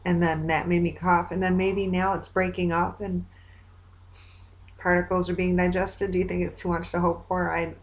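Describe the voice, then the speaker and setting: Rambling woman vlogger, low-pitched voice. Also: little pitch movement, normal speed, a little hiss or hum. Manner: rambling, retells conversations with many fillers; hopeful yet weary. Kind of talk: casual personal video diary.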